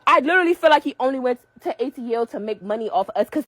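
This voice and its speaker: A woman's voice: high-pitched, lively intonation, rapid-fire, a bit bright, dry recording. A woman venting furiously and profanely to the camera about a former friend. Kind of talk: angry rant to camera.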